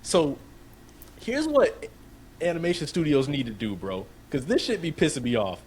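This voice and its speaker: A man co-hosting a podcast, ranting in a slangy, expressive way. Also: a little high, moderate pace, a little hiss or hum. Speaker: podcast co-host. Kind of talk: casual chat.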